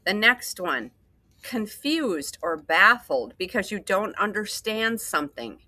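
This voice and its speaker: A woman teacher reading a story aloud and slowly explaining vocabulary words with patient repetition. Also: on the low side, lively intonation, bright, forceful tone, no echo.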